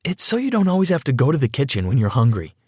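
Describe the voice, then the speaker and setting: A man doing a shrill, unhinged rich mom. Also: wildly swooping pitch, fast, a little mellow, slightly rough, dry recording. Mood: sugary. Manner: shrill, sing-song and dramatic. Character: eccentric rich adoptive mother, theatrical and unhinged.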